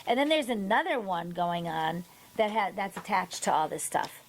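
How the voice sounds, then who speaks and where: A woman hosting a podcast, telling stories in a lively way and acting out the people she quotes. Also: medium pitch, normal speed, poor audio. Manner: animated storytelling, acts out quoted people. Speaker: podcast host. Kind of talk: casual podcast chat.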